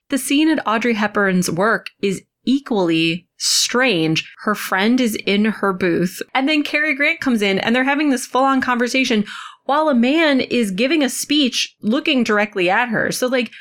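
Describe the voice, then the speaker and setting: A woman co-hosting a casual film chat, wry and quick to swear, acting out scenes she describes. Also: a little high, animated, fairly bright tone. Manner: wry, swearing, acts out quotes. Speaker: podcast co-host.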